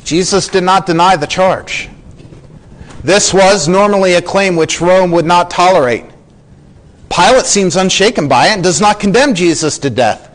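High-voiced preacher man, earnest. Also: moderate pace, poor audio. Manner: earnest teaching, acting out quoted lines. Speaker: pastor. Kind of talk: sermon.

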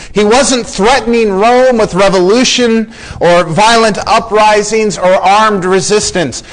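A man's voice: high-pitched, fairly bright tone, low-quality recording. A man preaching a sermon as a pastor, explaining scripture earnestly and acting out the quoted lines.

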